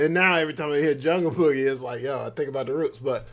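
A man's voice: a little high, racing. A man hosting a solo podcast, talking loosely and joking, often breaking into laughs. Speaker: podcast host. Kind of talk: casual solo podcast monologue.

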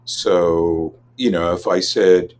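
A man from Los Angeles, a linguist answering interview questions in a measured, academic way. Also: low voice, fairly even intonation. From Los Angeles, USA. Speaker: linguist, guest expert.

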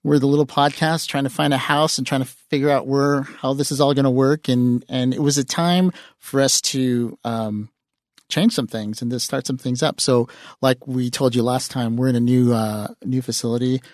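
A man's voice: mid-range voice, fairly even intonation, normal speed, no echo. A man hosting a podcast in a studio, chatting loosely with his guests and laughing often. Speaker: podcast host. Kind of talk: casual podcast chat.

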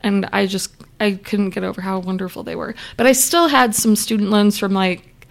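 A young adult woman speaks as an interview guest, telling her own story in a chatty, candid way. Her mid-range voice carries a steady gravelly fry at the ends of phrases. She slips into the voices of the people she quotes as she goes. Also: medium pitch, normal speed. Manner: chatty, candid, acts out remembered dialogue. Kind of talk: casual personal storytelling.

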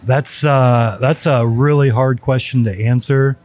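A man being interviewed as a guest, speaking hesitantly and filling his pauses with "you know.". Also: medium pitch, steady tone, a little mellow. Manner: hesitant, many you-knows. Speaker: guest, service manager. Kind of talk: casual interview.

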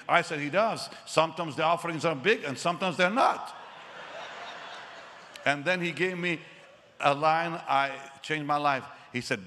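A man's voice: a little high, normal speed, big-room sound. An older man preaching a sermon, telling a personal story and acting out the dialogue with rising emphasis. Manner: animated, acts out quoted dialogue with rising emphasis. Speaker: evangelist preacher.

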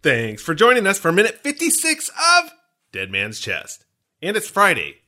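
A man co-hosts a casual podcast and recaps a film scene by scene, full of jokes and rambling asides. His voice sits a little high and swings widely in pitch. The tone is bright and forward. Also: normal speed. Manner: animated, joking, rambling asides. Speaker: podcast co-host.

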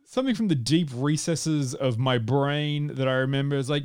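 A man's voice: mid-range voice, normal speed, few pauses, darkish tone, clean tone. A man hosting a podcast in casual chat, rambling and laughing often. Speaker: podcast host.

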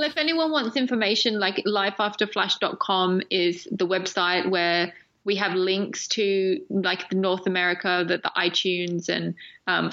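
A woman guest in a casual podcast interview, chatty and quick to laugh. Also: on the low side, creaky, a bit bright, highs cut off.

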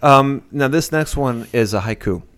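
A man co-hosting a casual movie podcast, talking in a rambling, animated way with plenty of restarts. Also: mid-range voice, normal speed. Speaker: podcast co-host. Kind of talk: casual chat.

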